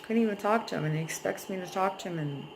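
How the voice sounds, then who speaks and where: A woman's voice: medium pitch, quick pace, slight background noise, rough recording. A young adult woman vlogging, venting at length about a painful breakup in a rambling, emotional way and swearing freely. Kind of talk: personal venting vlog.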